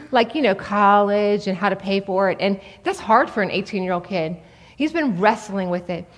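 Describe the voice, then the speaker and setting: Woman preaching in a reverberant hall. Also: medium pitch. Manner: conversational, animated preaching. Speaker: speaker at a church. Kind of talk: sermon. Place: large hall before an audience. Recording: long reverb of a large hall.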